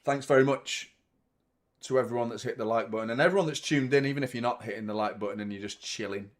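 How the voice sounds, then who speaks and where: Male watchalong host, excitable live match reactions, loud, sweary. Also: medium pitch, fast talker. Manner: excitable, swears, shouts at the play.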